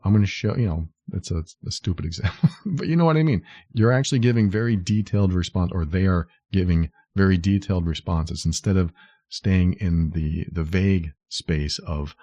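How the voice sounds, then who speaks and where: Here a podcast host with a low, warm voice speaks at a normal pace, giving earnest advice on his own. He breaks ideas down step by step and occasionally voices imagined quotes. There's no room sound, and the audio is dull.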